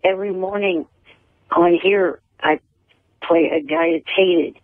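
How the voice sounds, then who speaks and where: A man calling into a radio show, talking in a halting, earnest way and repeating his words. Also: high voice, steady tone, no echo. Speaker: regular phone caller. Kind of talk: casual call-in chat. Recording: tinny phone line.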